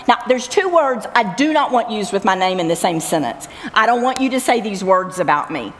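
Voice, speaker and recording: A woman's voice: medium pitch, very animated, fairly quick, few pauses, a bit bright. Middle-aged woman, camp speaker, earnest testimony, reverberant hall. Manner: earnest, repeats phrases for emphasis. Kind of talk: personal faith testimony.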